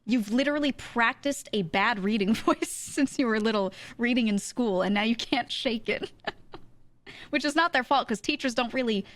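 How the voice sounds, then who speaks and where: A young adult woman streamer chatting casually, telling an animated story and often laughing. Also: fairly high pitch, moderate pace, no echo. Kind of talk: casual chat.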